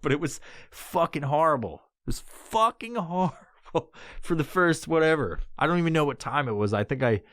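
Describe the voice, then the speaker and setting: With a clean tone, this podcast host in his thirties casually relays a long-winded, profane story and breaks into loud, high-pitched voices to quote others. There's no echo, and the studio sound is clean.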